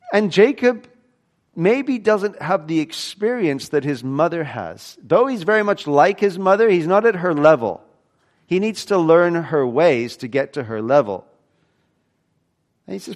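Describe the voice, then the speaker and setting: A man preaching a sermon, reading scripture aloud and explaining it, swinging between loud emphatic stretches and quiet low passages. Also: lively intonation, measured pace.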